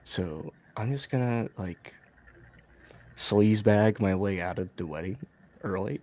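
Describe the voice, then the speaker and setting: Guest type, man, low voice, softly spoken, quiet delivery. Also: takes it slowly. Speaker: guest on stream. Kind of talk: casual chat.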